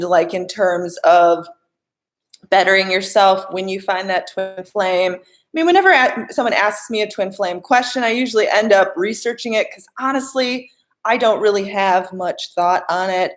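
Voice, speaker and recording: A young adult woman, a life coach, chatting casually on a live stream as she answers viewer questions. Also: medium pitch.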